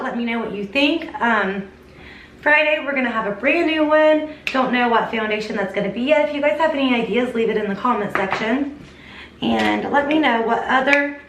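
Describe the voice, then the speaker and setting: Young woman, beauty vlogger, enthusiastic, casual makeup review, slightly high voice, echoey room. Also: fairly bright tone, recorded from a distance. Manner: chatty, enthusiastic, addresses viewers as "you guys". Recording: echoey room, voice a little off-mic, faint hiss.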